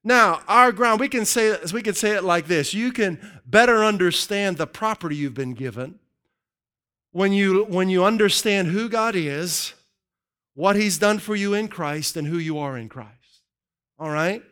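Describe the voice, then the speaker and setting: A man preaching a sermon to his congregation in an energetic, joking way that keeps calling out to the crowd. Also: sits high, unhurried, clear, resonant tone. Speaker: pastor.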